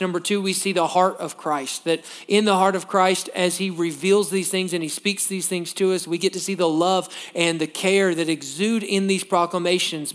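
A male pastor preaching a sermon, reading scripture aloud and explaining it to his congregation, and dropping to a soft, low voice when he prays. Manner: drops to a soft, low voice in prayer.

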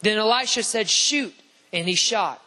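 Fervent high-voiced preacher man. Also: normal speed, a bit bright. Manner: fervent preaching, call-and-response with the congregation. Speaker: pastor. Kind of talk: sermon. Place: church sanctuary.

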